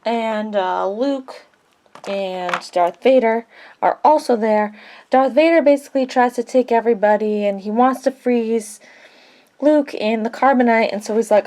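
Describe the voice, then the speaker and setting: A woman's voice: fairly high pitch, a little slow, mellow, no echo. A woman casually recapping a movie with toy figures, chatty and rambling, full of jokey asides. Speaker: vlogger.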